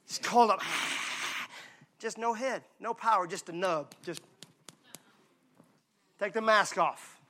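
Pastor guy, high bright tense voice, jokey lively sermon talk. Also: takes it slowly, pauses often. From Mississippi, USA. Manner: lively, joking, conversational preaching.

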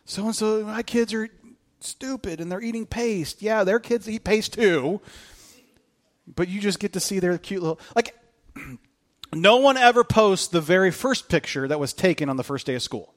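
A man's voice: high-pitched, normal speed. A man in his thirties, a pastor, delivering a conversational sermon full of stories and emphatic repetition. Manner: conversational storytelling with rising excitement and emphatic repetition.

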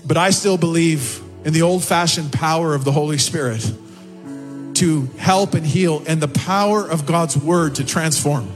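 A man preaching a sermon as a pastor, impassioned and rising in pitch on prayers and quotes, with faint music behind. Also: moderate pace. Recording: long hall reverb with faint music behind. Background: soft music.

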